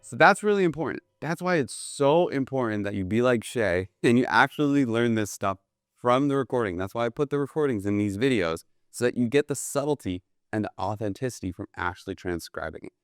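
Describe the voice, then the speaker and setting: A man runs a jazz drum lesson in a smooth, resonant voice, recorded close and dry. He talks casually and eagerly, tossing in "right?" between examples, with a drum kit played in the pauses. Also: medium pitch, expressive, no echo. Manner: casual, enthusiastic, keeps asking "right?". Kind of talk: instructional video lesson. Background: drum kit played between phrases.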